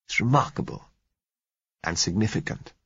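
A man reading as a deep, husky theorizer. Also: lively intonation, moderate pace, heavily acted. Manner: argumentative, lecturing. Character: earnest man theorizing at length. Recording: muffled lo-fi recording.

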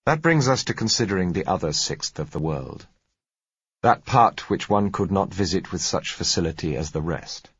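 A man narrating an audiobook in a measured, even manner. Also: sits low, breathy edge, dry recording, dull audio. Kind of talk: scripted narration.

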